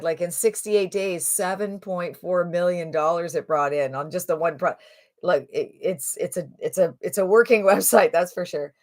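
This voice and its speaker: A woman in her sixties giving a casual, rambling sales pitch to camera, chatty and full of restarts. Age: 60s. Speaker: online marketing promoter.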